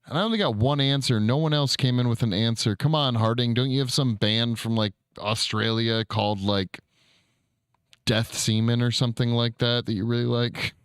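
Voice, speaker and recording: A man's voice: mid-range voice, normal speed, smooth, dry recording, studio quality. A man hosting a casual livestream, reading chat aloud and answering viewers, with easy swearing. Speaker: streamer.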